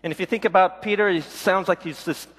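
A man's voice: high-pitched, a little fast, fairly bright tone. A middle-aged man from the Pacific Northwest giving a conversational sermon, with a candid, folksy storytelling manner. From Pacific Northwest, USA. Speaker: pastor. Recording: reverberant hall.

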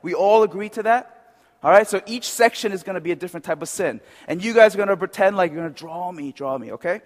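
A man's voice: sits high, lively intonation, fast, in a large hall. A man preaching a sermon in a conversational way, often checking with the crowd. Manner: conversational, asks the crowd "right?".

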